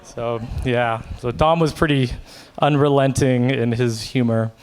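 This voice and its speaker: Man giving a casual, halting memorial speech. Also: medium pitch, fairly even intonation. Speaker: friend giving a remembrance. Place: memorial gathering.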